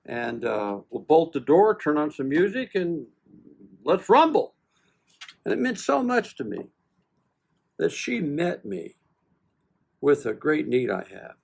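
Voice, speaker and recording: Give me a man in his seventies, an animated storyteller with a slightly high voice, full of little asides. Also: measured pace, gravelly, breathy edge. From United States. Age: 70s. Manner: animated, folksy, acts out both sides of conversations; self-deprecating humor, frequent "uh" and restarts. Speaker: guest, Marine veteran. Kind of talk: casual storytelling interview.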